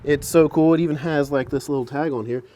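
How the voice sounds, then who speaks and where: A man's voice: a little high, steady tone, fast, mellow. A man casually talking through a car repair in a vlog, chatty and self-mocking, recorded outdoors by a truck on a camera mic. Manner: chatty, self-mocking, gets long-winded.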